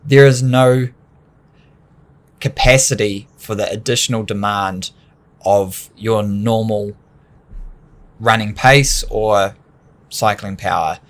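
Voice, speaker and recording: A man with a lowish voice talks through training ideas on a podcast. He explains in long, loose, animated runs and often laughs mid-thought. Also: takes it slowly, pauses often. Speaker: podcast co-host. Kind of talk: casual coaching chat.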